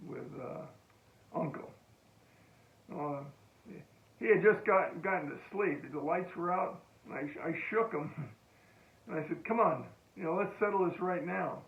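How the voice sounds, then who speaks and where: An older American man, a veteran, recounting a story in a halting oral-history style with frequent restarts and chuckles. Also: a little high, vocal fry. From United States. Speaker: veteran telling a war story. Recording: tinny phone-like echoey room.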